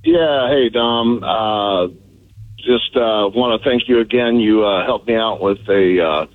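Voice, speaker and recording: A man's voice: fairly low pitch, slow pace, dry recording. Hesitant male caller on a dull line. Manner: hesitant, many fillers. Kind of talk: casual phone call to a radio show.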